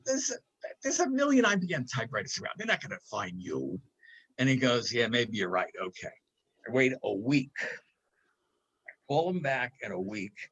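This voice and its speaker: An older man telling a comic prank story on a talk show in a casual, animated way, acting out the other voices in it. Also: medium pitch, poor audio.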